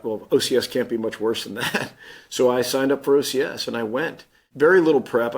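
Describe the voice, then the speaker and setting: A man's voice: mid-range voice, creaky, breathy edge. A man in his fifties, a Marine Corps general, telling his story plainly in an interview and acting out the dialogue he quotes. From Missouri.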